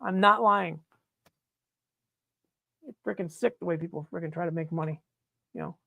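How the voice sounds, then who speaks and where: A blunt, exasperated man hosts a casual live mushroom chat, his voice pitched high and heavily gravelly with fry. He swears freely as he demonstrates, recorded dry and close with no room sound. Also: moderate pace, sharp tone, dry recording. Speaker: host of a live mushroom-growing stream.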